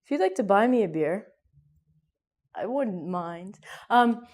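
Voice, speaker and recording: A woman's voice: medium pitch, expressive, slow pace. A woman from Canada with a Canadian accent, teaching English in a playful, jokey way and acting out small scenes. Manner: playful, jokey, acts out mini scenes with sudden loud and hushed bits. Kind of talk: casual online English lesson.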